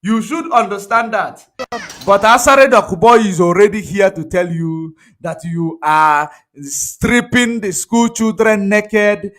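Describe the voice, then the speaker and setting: A man's voice: high voice, slow, fairly bright tone. A man with a Nigerian accent giving an emphatic political commentary monologue, repeating points for effect. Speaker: online commentator.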